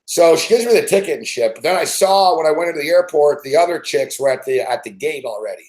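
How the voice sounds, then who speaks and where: Higher-voiced man in a profane rant. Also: lively intonation, fast talker, a little mellow. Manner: swears constantly, rambling with many fillers. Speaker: sports betting host. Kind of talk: casual profane storytelling rant. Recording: roomy echo.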